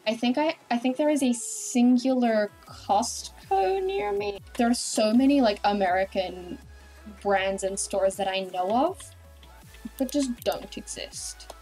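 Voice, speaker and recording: An Australian-accented woman streams while gaming and chats in a rambling, animated way. Her voice sits a little high. Soft music plays under her talk. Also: measured pace. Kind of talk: casual chat while gaming.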